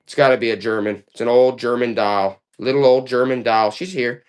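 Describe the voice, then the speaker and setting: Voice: medium pitch, fairly even intonation, a little fast, clear, resonant tone. A live online auction seller running a stream with playful, joking sales banter.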